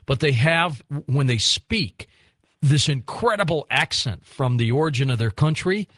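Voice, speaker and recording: A man's voice: medium pitch, unhurried, dry recording. A male radio host leads a late-night call-in show in a middle-range voice. He talks easily and reflectively, taking calls and musing aloud. The studio sound is dry and close to the mic. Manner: relaxed, conversational, reflective.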